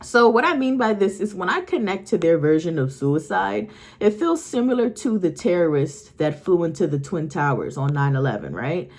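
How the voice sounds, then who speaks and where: Talking to her viewers from home with her dog nearby, a woman psychic medium uses a fairly low, slightly mellow voice with big pitch swings at a moderate pace. She addresses the audience directly in casual spiritual storytelling, rambling, restarting sentences and often checking in with "okay?" and "right?".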